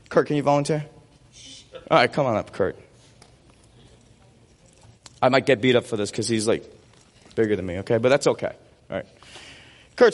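A man's voice: medium pitch, in a large hall. A man preaching a sermon as pastor in a church, playful and joking with a volunteer on stage.

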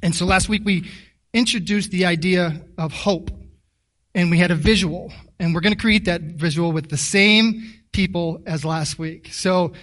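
A high-pitched, fairly bright male voice, recorded from a distance, gives a chatty sermon. He hesitates and repeats himself a lot while engaging the congregation with questions.

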